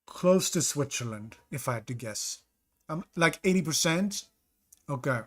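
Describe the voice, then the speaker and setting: Brief: male streamer, slightly higher voice, casual running commentary, stops to greet chat by name. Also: lively intonation, a little slow, a bit bright. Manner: thinks aloud, greets chat mid-sentence.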